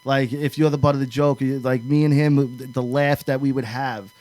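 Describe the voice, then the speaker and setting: A man's voice: medium pitch, moderate pace, dry recording. Profane storytelling man, dry close mic. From New York. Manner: profane, animated storyteller acting out friends' lines. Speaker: podcast co-host. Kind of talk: casual storytelling chat.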